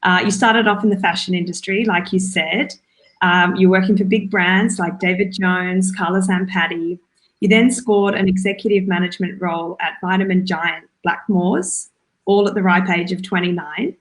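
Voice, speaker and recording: A woman's voice: lowish voice, fairly even intonation, moderate pace, rough recording. Enthusiastic woman interviewer. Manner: enthusiastic, encouraging prompts. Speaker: host, interviewer. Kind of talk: interview questions.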